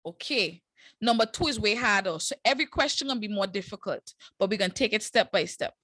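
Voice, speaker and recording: A woman's voice: medium pitch, expressive, fast, a bit bright, dry recording. A woman teaching a live online math class, walking students through each step in a casual, encouraging way with slang asides.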